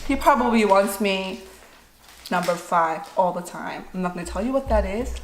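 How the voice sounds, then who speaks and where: A woman's voice: mid-range voice, moderate pace, background noise. Playful woman chatting in an echoey kitchen. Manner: animated, playful and self-mocking. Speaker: mukbang vlogger, mother. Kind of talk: casual chat while eating. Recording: echoey room with faint dish clatter.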